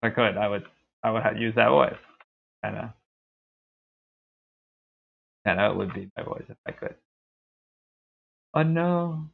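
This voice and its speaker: Creaky-voiced male gaming streamer. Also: on the low side, steady tone, quick pace, a little hiss or hum. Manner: rambling, self-deprecating. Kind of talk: casual gameplay commentary. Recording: tinny phone-like sound.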